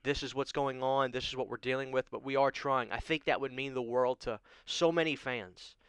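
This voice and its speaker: On his horror vlog, a male host rants emotionally and pleadingly, repeatedly asking "okay?" His medium-pitched voice is steady, a bit bright, clear, and resonant at a normal speed, captured on a studio microphone with no room sound.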